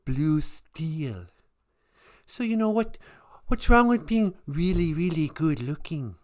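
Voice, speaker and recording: A man's voice: on the high side, expressive, slow pace, darkish tone, pitched above the performer's own voice. A man doing an impression of a vain, dim-witted male fashion model, airy and self-admiring.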